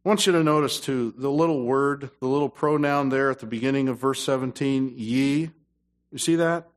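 A man preaching a sermon as pastor, dropping to low asides and rising to loud, emphatic passages. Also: moderate pace.

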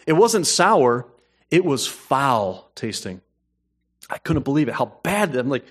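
A man preaching a sermon, moving between hushed storytelling and emphatic, rising points. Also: medium pitch, big pitch swings, slow pace. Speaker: pastor.

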